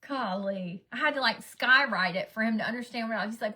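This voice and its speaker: Woman in her thirties, vlogger mom, chatty rambling storyteller, bright and slightly high voice. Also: fast talker, hardly any pauses. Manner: chatty, rambling storyteller, dips to whispers for asides. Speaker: vlogger, mother. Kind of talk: casual get-ready-with-me chat.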